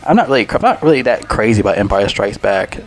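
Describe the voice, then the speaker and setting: A man's voice: on the low side, very animated, fast. A man in his twenties giving a casual, rambling and profane movie review. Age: 20s.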